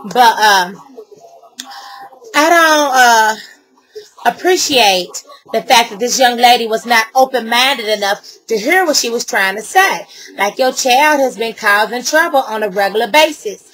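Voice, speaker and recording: A woman's voice: fairly high pitch, lively intonation, unhurried, fairly bright tone, rough recording. A middle-aged woman ranting to camera, heated and blunt, with a lot of swearing. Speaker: vlogger.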